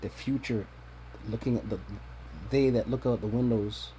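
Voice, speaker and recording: A man's voice: mid-range voice, steady tone, normal speed, warm tone, slight background noise. A man teaching from scripture in a sermon, checking in with "right?" after each point and repeating words as he searches for them. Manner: tags points with a questioning "right?". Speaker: religious teacher.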